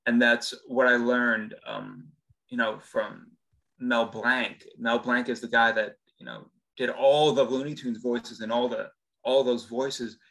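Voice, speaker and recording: A man's voice: mid-range voice, fairly even intonation, measured pace, vocal fry, bright, forceful tone, poor audio. A man who works as a voice actor, a podcast guest explaining his craft in a thoughtful, earnest way. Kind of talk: casual interview chat.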